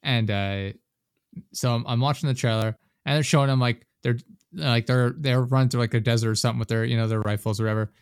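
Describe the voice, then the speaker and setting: A man's voice: mid-range voice, steady tone, quick pace, smooth, no room sound, studio quality. A man chatting casually, rambling and swearing, often laughing at his own stories. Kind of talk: casual chat.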